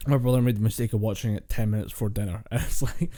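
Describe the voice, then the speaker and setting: A young man co-hosting a podcast, telling stories in animated, casual chat, laughing often and acting out what he said. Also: lowish voice, rapid-fire. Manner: animated storyteller, laughs often, acts out quotes. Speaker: podcast co-host.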